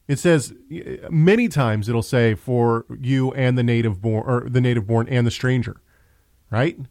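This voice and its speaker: Homem de voz rouca e grave. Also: male voice, mid-range voice, unhurried, darkish tone, dry recording. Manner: conversational, frequent restarts. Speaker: host. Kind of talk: casual religious discussion.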